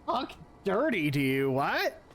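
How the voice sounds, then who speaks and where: A man's voice: high voice, wildly swooping pitch, slow, a bit bright. A man streaming a game, chatting casually and reacting aloud as he plays. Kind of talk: casual gameplay commentary.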